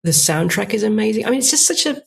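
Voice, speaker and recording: Posh-spoken English woman, gravelly edge. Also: mid-range voice, lively intonation, quick pace, a little hiss or hum. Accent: posh English (Cambridge-learned). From England. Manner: chatty, laughs often, hedging fillers. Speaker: author and falconer, guest. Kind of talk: casual interview chat.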